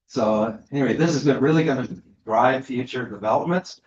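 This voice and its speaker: A man's voice: mid-range voice, fairly quick, slight background noise. A man giving a lecture to an audience, talking with many fillers and restarts. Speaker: guest speaker. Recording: echoey room, slightly dull sound.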